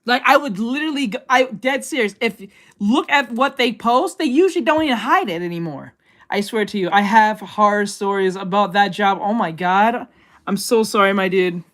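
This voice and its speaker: A woman streamer in casual reaction chat who swears freely and breaks into laughter easily. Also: medium pitch. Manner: profane, excitable, quick to laugh.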